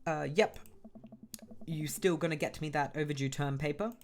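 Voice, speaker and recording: A woman voicing a cheerful, cheeky teenage girl in a video game, high and bubbly. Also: normal speed, a little mellow, a little hiss or hum.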